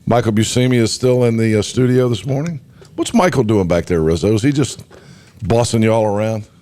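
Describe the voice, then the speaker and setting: Hoarse, chatty radio host with a cold. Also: male voice, on the low side, lively intonation, brisk, mellow. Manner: rambling, chatty, many fillers. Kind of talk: casual morning show banter.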